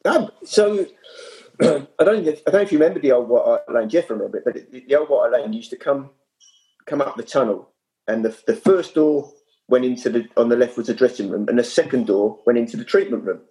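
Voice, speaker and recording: A man, a former kit man, telling anecdotes as a guest in casual chat, with lively storytelling. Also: medium pitch, brisk, rough recording. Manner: animated, lively storyteller with frequent restarts.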